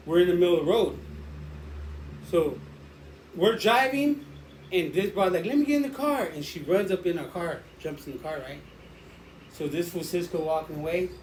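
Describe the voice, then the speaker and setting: A man's voice: on the high side, a little mellow. A man telling a rambling, slangy street story in a casual way. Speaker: storyteller guest. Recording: roomy echo, faint background noise.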